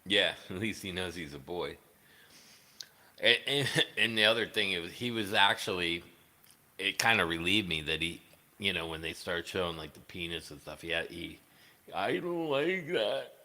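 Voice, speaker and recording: Low, sharp-voiced rambling man. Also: normal speed, big-room sound. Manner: rambling, profane, many fillers. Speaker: livestreaming guitarist. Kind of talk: casual livestream chat.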